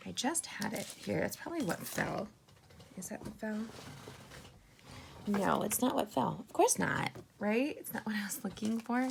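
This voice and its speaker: A woman chats her way through a crafting tutorial, upbeat and personal with her viewers. Her lowish voice carries a gravelly edge, over a faint background hiss. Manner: chatty, upbeat, addresses viewers as "you guys" and "sisters". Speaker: card-making instructor.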